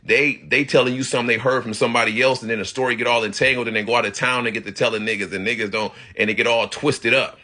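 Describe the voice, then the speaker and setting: A man from Detroit talks straight to his viewers in a thick Detroit accent, blunt and profane. His voice has a bright, forceful edge. He sounds like he's in his thirties. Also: mid-range voice, steady tone, quick pace, hardly any pauses. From Detroit, USA. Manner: blunt, profane street talk with loud imitations. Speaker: vlogger. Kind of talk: casual monologue to camera.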